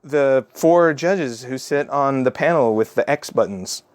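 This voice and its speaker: A man's voice: mid-range voice, measured pace. A man, a father, telling an improvised story to his child in a chatty, rambling way with many fillers. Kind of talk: improvised bedtime-style storytelling.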